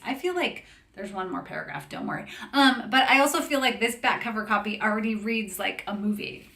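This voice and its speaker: A woman's voice: on the high side, normal speed, gravelly, hardly any pauses, pushed and bright. Chatty woman live-streaming from an echoey room. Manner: chatty, laughs often, greets viewers by name; reads book back-cover copy aloud. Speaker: author hosting a live book chat. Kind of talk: casual live-stream chat.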